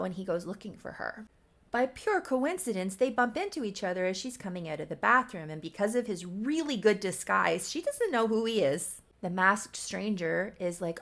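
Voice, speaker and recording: A woman's voice: mid-range voice, animated, normal speed, creaky, a bit bright. A woman reading her own old story aloud in a casual, amused way, with wry asides. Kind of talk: casual riffing read-aloud.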